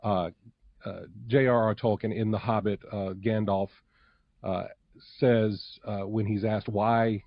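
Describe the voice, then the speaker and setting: A man's voice: on the low side, fairly even intonation, unhurried, no room sound, muffled recording. A man, a podcast host appearing as a guest, speaking earnestly with many filler words. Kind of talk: casual interview chat.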